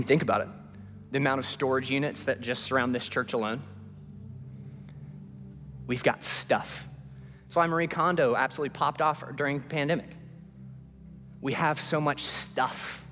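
A man preaching a sermon as a pastor in a church, swinging from hushed pleading to rising, repeated refrains. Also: medium pitch. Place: church sanctuary. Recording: long hall reverb with faint music.

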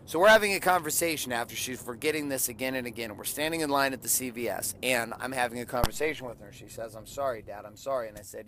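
A man of about forty, talking bluntly and crudely like a preacher, tells a long parenting story. His voice sits at an ordinary middle pitch. A faint hiss of noise runs under the recording. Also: fairly bright tone. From California. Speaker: father and podcaster. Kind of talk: blunt motivational monologue.

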